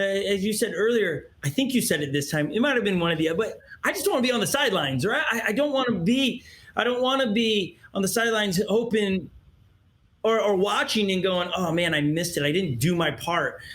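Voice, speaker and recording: A man's voice: high voice, animated, fairly quick, a bit bright. A man hosting an interview, talking earnestly and telling personal stories, often stumbling and restarting as he searches for words. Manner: earnest storyteller, stumbles and restarts as he feels his way. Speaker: interview host. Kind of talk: heartfelt interview conversation.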